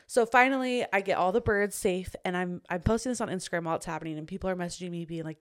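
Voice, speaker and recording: A young pregnant woman hosting a casual podcast chat, telling stories with animated, swearing energy and acting out her own reactions. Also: lowish voice, racing, few pauses, clear, resonant tone. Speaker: podcast host.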